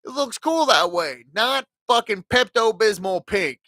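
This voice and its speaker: A man's voice: sits high, lively intonation, a little slow, bright, forceful tone, dry recording. Swearing, ranting podcast host man. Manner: profane ranting storyteller. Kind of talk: casual podcast monologue.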